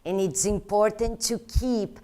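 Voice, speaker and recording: A woman's voice: mid-range voice, a little slow, warm tone. A woman teaching interpreters, explaining step by step in an earnest instructional tone with slightly non-native phrasing. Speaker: interpreter trainer. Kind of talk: instructional talk.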